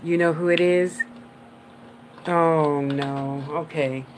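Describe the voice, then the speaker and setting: A woman's voice: low voice, steady tone, takes it slowly, noisy background. A woman, a clairvoyant medium, giving a live-streamed reading in a chatty, affectionate, rambling way and laughing often.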